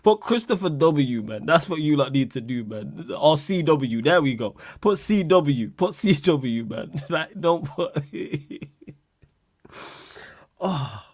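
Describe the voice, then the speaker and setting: A man's voice: on the high side, animated, slow, no room sound, clean studio sound. A man hosting a casual livestream chat, laughing a lot, swearing and using slang while answering viewer questions.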